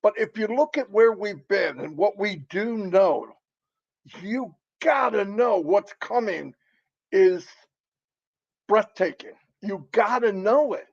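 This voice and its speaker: A middle-aged man with a notably high voice for a man, speaking in an emphatic, excitable rush of motivation. He repeats phrases for effect. The recording sounds dull and lo-fi. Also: takes it slowly, creaky. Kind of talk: impassioned motivational talk.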